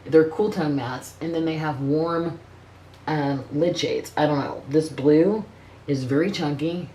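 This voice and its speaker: A woman's voice: low voice, unhurried, mellow, a little hiss or hum. A middle-aged woman chatting casually as a beauty vlogger, blunt and profane, rambling with frequent restarts. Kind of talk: casual makeup review chat.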